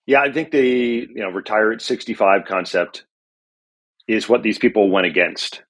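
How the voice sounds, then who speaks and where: A man's voice: lowish voice, moderate pace, fairly bright tone, slightly rough. A middle-aged man being interviewed as an author, reflective and storytelling, with frequent fillers. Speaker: author and journalist guest. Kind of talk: conversational interview.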